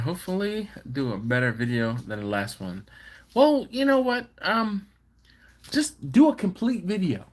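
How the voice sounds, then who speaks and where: Host: man, animated and playful, reading live chat comments aloud, very expressive pitch. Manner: animated, playful, slangy banter. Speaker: barbecue channel host.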